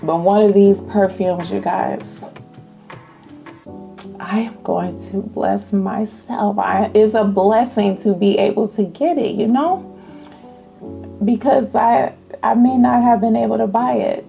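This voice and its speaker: Slow, mellow-voiced woman vlogger. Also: mid-range voice, gravelly, soft background music. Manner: animated, testifying, addresses viewers as y'all. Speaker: fragrance vlogger. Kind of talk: casual chat to camera.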